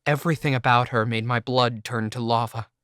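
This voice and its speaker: A man's voice: mid-range voice, fairly even intonation, fairly quick, fairly bright tone, clear, resonant tone, no room sound. A man reading a first-person audiobook in an intense, emotional way, close to the mic. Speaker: audiobook narrator. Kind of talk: scripted first-person narration.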